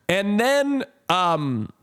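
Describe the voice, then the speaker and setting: A man's voice: high voice, sing-song, extremely slow, fairly bright tone, clear, resonant tone. A young man chatting casually on a livestream at home, rambling and self-mocking with lots of fillers. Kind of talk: casual chat. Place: home streaming room.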